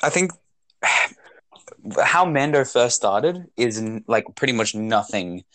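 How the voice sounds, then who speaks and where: A young podcast co-host rambles through a casual chat, full of fillers and restarts. His mid-range voice is animated and fairly bright, his pace slow, with no echo.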